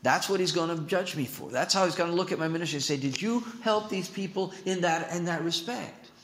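A man preaching a sermon as pastor, swinging from emphatic declarations to hushed, slow asides. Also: a little high, roomy sound.

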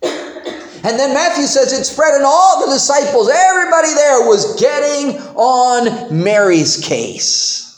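Animated preacher man, echoey room. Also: very high voice, unhurried, few pauses. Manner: animated, acts out biblical characters in quotes. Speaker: pastor. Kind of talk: sermon.

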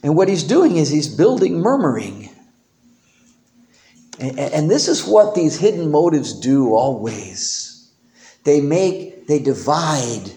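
A male pastor preaching a sermon in an animated way, acting out biblical characters in quoted voices. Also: on the high side, slow pace, roomy sound.

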